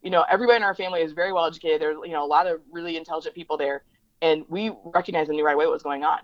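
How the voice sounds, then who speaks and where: Woman guest in an interview, speaking quickly on a lower register, dull lo-fi sound. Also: steady tone, dry recording. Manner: fast, emphatic, acts out quoted voices. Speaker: interview guest, diversity educator. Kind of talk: conversational interview storytelling.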